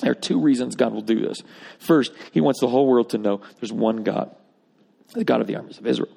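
A man's voice: mid-range voice, brisk, creaky, dark tone, husky. A man preaching a sermon, emphatic with wry asides, reading scripture aloud. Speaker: pastor. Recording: long reverb of a large hall.

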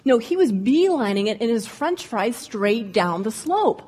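A slightly husky woman with a fairly high voice tells comic stories to a live audience. She is lively and playful, throwing herself into the characters' voices as she goes. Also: unhurried. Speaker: public speaker, former ski instructor. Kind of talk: humorous storytelling speech. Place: room with an audience.

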